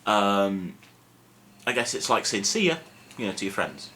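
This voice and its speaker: A man's voice: fairly low pitch, measured pace. Chatty man teaching greetings. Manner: relaxed, self-mocking, chatty with many fillers. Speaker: Welsh language teacher. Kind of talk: casual video lesson. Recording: faint background noise.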